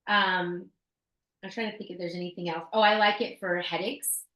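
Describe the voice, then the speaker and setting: A woman's voice: lowish voice, fairly even intonation, moderate pace, muffled recording. Chatty woman in a roomy space. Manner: chatty, storytelling, frequent fillers and restarts. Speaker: podcast co-host sharing essential oil tips. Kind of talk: casual chat. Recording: roomy echo.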